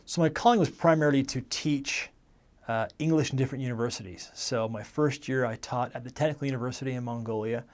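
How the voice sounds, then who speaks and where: At a quick pace and medium pitch, a man in his forties tells the story of his life, including his time as a missionary. He's American, speaks in a loose, conversational style, and often corrects himself mid-thought.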